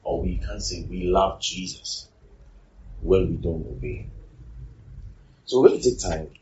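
A man's voice: sits low, measured pace, dark tone, highs cut off, a little hiss or hum. A man preaching a sermon, repeating his phrases and putting rhetorical questions to the congregation.

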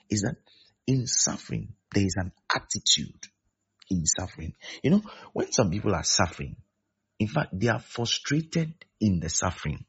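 Raspy, gravelly preacher man. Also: lowish voice. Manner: emphatic, repeats key phrases. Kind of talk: sermon. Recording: dull lo-fi recording.

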